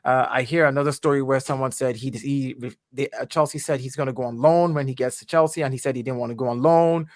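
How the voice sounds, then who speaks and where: A man's voice: medium pitch, steady tone, quick pace, few pauses, dry recording, studio quality. A man on a football panel who asks puzzled questions and often restarts his sentences as he reasons aloud. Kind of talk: casual football discussion.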